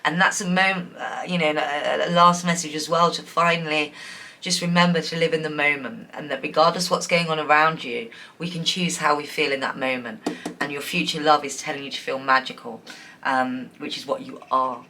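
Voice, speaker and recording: A woman doing a pick-a-card tarot reading to camera, chatty and encouraging, laughing often and filling pauses with ums. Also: low voice, steady tone, slight background noise. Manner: chatty, giggly, warm and encouraging, many fillers. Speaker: tarot reader.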